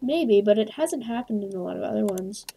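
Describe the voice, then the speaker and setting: A woman's voice: mid-range voice, expressive, a little fast, mellow, soft background music. A woman streamer chatting casually, giggly and gushing as she reads messages aloud. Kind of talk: casual live-stream chat.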